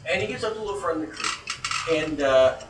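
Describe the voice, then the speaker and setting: A man spins a spooky tale in casual talk, swearing freely. His pitch runs high and leaps around as he acts out frightened moments. The sound is roomy and distant, with faint noise behind him. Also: a little fast. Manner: profane, animated storyteller who acts out scared reactions. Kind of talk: casual storytelling. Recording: echoey room heard from a distance.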